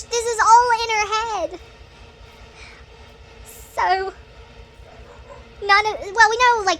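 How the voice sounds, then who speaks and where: A woman talks through a horror game in a chatty, excitable let's-play commentary, reacting aloud and laughing nervously. Her voice is high-pitched and bright. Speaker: gaming channel host.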